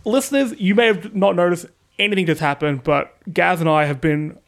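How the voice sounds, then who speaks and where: A man's voice: high voice, steady tone, a little fast, a bit bright. A young man co-hosting a podcast in casual chat, teasing and joking with his co-host.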